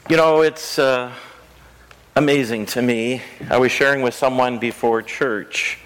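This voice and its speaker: A man's voice: medium pitch, fairly even intonation, a little slow, a bit bright, slight background noise, low-quality recording. A man pastor giving a children's message in a rural church, talking in a conversational way and asking the children simple questions. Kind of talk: children's sermon.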